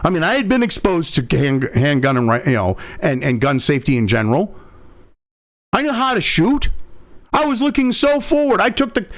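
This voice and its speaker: A male host delivering a profane, angry political commentary rant full of sarcasm. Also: a little high. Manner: angry, sarcastic, swears constantly.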